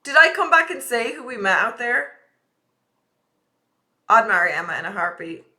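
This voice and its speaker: A young woman with a slightly high, bright voice ranting to her chat. She talks casually, full of swearing. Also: very animated, normal speed. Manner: profane, ranting, chatty. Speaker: streamer. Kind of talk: casual live-stream chat.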